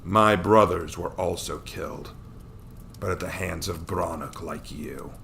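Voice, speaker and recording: A man voicing a calm, stern, weary wandering man who speaks softly and measuredly, sometimes in a whisper, in a read-aloud fantasy story. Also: low voice, gravelly, a little hiss or hum, exaggerated voice. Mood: cold. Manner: soft, measured, often whispered.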